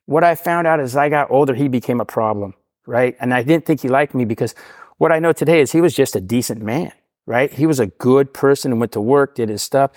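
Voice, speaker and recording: A middle-aged man tells a long, meandering story at a brisk, quick clip. He keeps tagging questions onto his sentences in a self-deprecating, chatty way. The sound is dry and close, with no room around it. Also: medium pitch, a little mellow, dry recording. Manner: rambling, self-deprecating, repeats "right?". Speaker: podcast guest sharing recovery story. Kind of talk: casual storytelling. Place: podcast studio.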